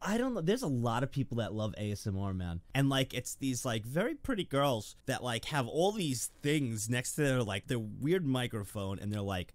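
A man in his twenties, a streamer in casual livestream chat, animated and prone to loud excited outbursts. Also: mid-range voice, normal speed, few pauses, a little hiss or hum. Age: 20s.

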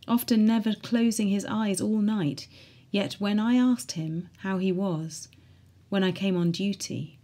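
A woman reading a diary aloud in a measured, earnest way. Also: lowish voice, dark tone.

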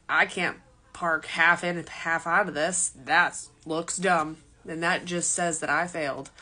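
Young woman, storytime vlog, self-mocking, animated, low-ish pitch. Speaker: vlogger telling a story. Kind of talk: casual storytime.

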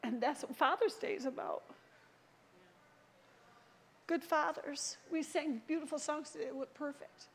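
Woman preacher, high voice, lively storyteller who plays out the dialogue, church sermon. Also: unhurried, long pauses. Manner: animated storytelling, acts out quoted voices.

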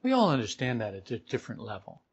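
A man leads an informal spiritual talk, his husky voice rising and falling with lively emphasis. He hammers points home through repetition. The recording sounds dull and muffled. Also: mid-range voice, fast talker. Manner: animated, acts out quoted voices, emphatic repetition. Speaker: spiritual teacher.

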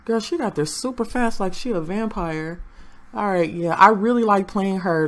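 A woman's voice: medium pitch, moderate pace. A young woman chatting through her gameplay and talking to the game characters. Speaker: gaming channel host. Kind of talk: casual gameplay commentary.

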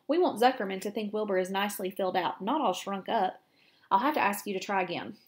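A woman at medium pitch and a quick pace reads a children's story, lightly acting the part of a patient, wise barn spider. The character is calm and kindly, and she voices her in a gently commanding way.

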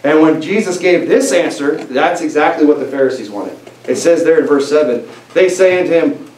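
A male pastor gives an expressive sermon at a moderate pace, his voice on the high side and a little mellow. He is emphatic and conversational, often restarting. It was recorded in an echoey church sanctuary with a far-off mic and faint hiss.

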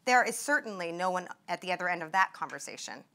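A young woman reading aloud from her own memoir at a talk, in a measured, vivid way. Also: lowish voice, expressive, bright, forceful tone. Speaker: author and former patient.

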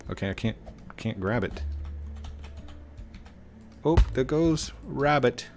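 With soft music in the background, a middle-aged gaming host talks into a desk mic as he plays. He speaks slowly and expressively in a mid-range voice, rambling to himself with playful commentary.

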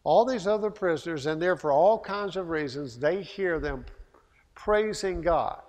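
A man preaching a sermon as pastor, emphatic, with repeated rhetorical questions and loud peaks. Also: fairly high pitch, animated, unhurried. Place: church sanctuary. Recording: long hall reverb.

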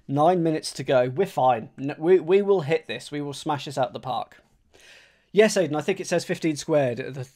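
A man streaming live, talking casually to his viewers as he works through crossword clues, thinking aloud and rereading each clue slowly. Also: fairly high pitch, darkish tone.

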